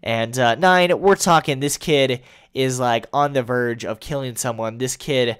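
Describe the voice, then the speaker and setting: A man's voice: mid-range voice, measured pace, clear, resonant tone. Crude, sarcastic young male YouTuber. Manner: crude, sarcastic, jumping into loud impressions. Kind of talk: comedic commentary.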